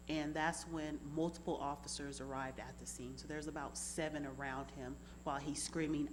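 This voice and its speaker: A woman with a very low voice tells what happened, slowly and in detail. A faint hum sits under the recording. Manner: steady, detailed, deliberate storytelling. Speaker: family member telling her account. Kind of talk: recounting in an interview.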